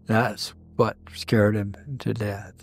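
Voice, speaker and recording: A man's voice: fairly low pitch, flat delivery, takes it slowly. A man recounting an encounter in a documentary interview, storytelling and acting out the dialogue he quotes.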